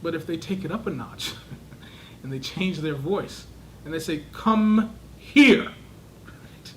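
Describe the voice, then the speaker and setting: A man's voice: on the high side, measured pace, slight background noise, rough recording. A man lecturing a class, asking the students questions and acting out voices to show how tone changes meaning. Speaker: teacher of a class.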